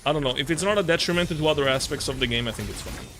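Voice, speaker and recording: A man's voice: on the high side, racing, fairly bright tone, faint music behind. A man streaming a game, chatting casually to his viewers, swearing often and ranting with lots of fillers. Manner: talks to chat while playing. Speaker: gaming streamer. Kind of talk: casual live-stream commentary.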